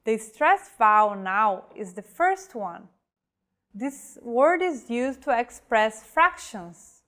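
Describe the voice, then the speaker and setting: A woman teaching a scripted pronunciation lesson, reading example words slowly and carefully. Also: on the high side, lively intonation, fairly bright tone. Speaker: language teacher.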